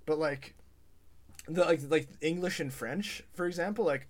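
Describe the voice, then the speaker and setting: A man with a somewhat high voice co-hosting a film review podcast. He talks casually and bluntly, laughing easily and dropping the odd swear. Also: moderate pace. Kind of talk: casual chat.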